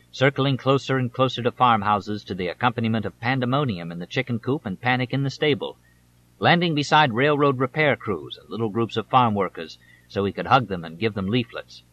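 A man narrating an audiobook in a measured, steady reading style, in a slightly dull audiobook recording. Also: mid-range voice. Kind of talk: scripted narration.

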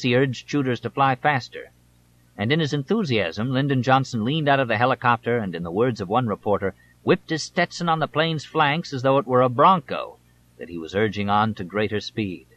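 A man narrating an audiobook in a measured, steady reading style, in a slightly dull audiobook recording. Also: medium pitch, a little hiss or hum. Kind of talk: scripted narration.

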